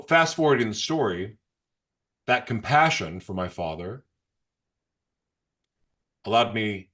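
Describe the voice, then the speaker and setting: A man telling his personal story as an interview guest, halting and restarting, sometimes reliving his past outbursts. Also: fairly low pitch, a bit bright, slightly rough. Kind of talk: emotional personal testimony.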